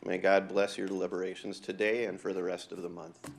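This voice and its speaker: A man in his forties, a clergyman giving an invocation at a county board meeting, telling a personal story in an unhurried way with frequent filler pauses. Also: low voice, flat delivery, gravelly, slight background noise. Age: 40s.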